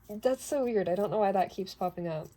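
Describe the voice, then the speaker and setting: A woman's voice: mid-range voice, warm tone. A woman doing a casual tarot reading who talks chattily, laughs often and drifts into asides. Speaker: tarot reader.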